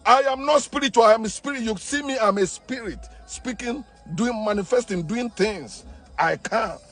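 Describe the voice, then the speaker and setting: A man delivering a forceful, preachy monologue, repeating himself and restarting phrases. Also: extremely high pitch, moderate pace, faint music behind. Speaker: online commentator. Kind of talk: impassioned monologue.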